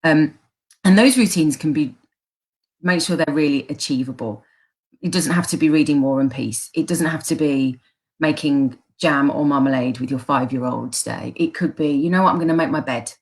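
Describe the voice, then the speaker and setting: A woman's voice: low-pitched, normal speed, a little mellow. A woman with a Birmingham accent, a coach giving encouraging advice in a casual chat and often restarting her phrases. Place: live online chat.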